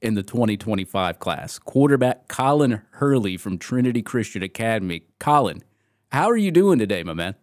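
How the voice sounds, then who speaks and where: A man hosting a podcast and interviewing a guest, talking in an excitable, energetic way and often repeating words as he starts a sentence. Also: fairly low pitch, moderate pace, no echo, studio quality. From Georgia. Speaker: podcast host.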